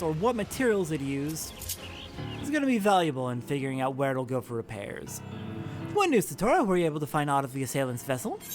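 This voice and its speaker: A man giving relaxed, offhand commentary while playing a video game. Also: on the high side. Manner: laid-back, offhand, jokey. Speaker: let's play host. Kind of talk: casual gameplay commentary.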